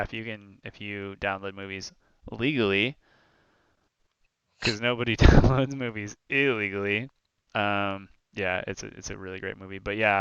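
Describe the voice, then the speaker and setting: A man's voice: fairly low pitch, vocal fry, clear, resonant tone, dry recording. A young man co-hosting a streamed talk show, chatting casually and rambling through stories with lots of fillers. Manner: rambling, animated storytelling with many fillers. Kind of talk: casual chat.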